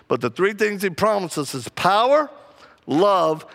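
Gravelly preacher man. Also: high-pitched, a little slow. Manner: animated, humorous storyteller. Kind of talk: sermon with comic storytelling.

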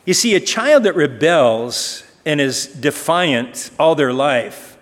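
A man preaching a sermon as pastor, telling stories conversationally and asking rhetorical questions. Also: a little high. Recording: long reverb of a large hall.

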